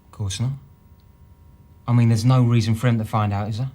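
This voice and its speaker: A man's voice: medium pitch, fairly even intonation, fairly quick, warm tone, close to an everyday voice. An actor playing an evasive male city trader with a Cockney accent, a suspect answering police questions defensively.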